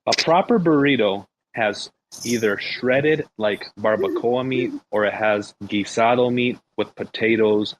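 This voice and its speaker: A man of Mexican heritage hosting a casual group chat, animated and swearing a lot, playfully indignant. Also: lowish voice, a little slow, a little hiss or hum, low-quality recording. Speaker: host.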